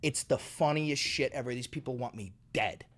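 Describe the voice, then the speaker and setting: A man's voice: mid-range voice, moderate pace, fairly bright tone. A man livestreaming, ranting in a profane, mocking and taunting way. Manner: taunting, provocative.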